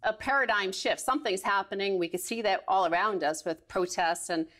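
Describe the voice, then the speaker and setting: A female co-host talks through market ideas in a rambling, chatty way. She laughs often mid-sentence. Her pitch sits in a mid range. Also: fairly quick, a bit bright. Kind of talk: casual financial talk show banter.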